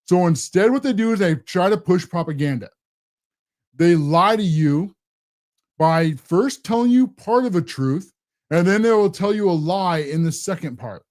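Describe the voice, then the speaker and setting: A man's voice: sits high, expressive, normal speed, darkish tone. A man hosting a political commentary show, ranting in a combative, sarcastic way. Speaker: host.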